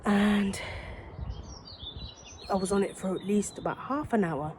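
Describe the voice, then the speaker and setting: A woman's voice: medium pitch, measured pace, a little mellow, slight background noise. A young woman chatting casually to viewers about giving birth, rambling and often correcting herself. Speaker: new mother telling her birth story. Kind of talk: casual storytime vlog.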